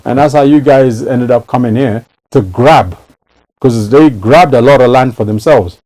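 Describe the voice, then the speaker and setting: A man's voice: mid-range voice, normal speed, mellow, low-quality recording. A man in casual chat who talks emphatically and repeats phrases to drive a point home.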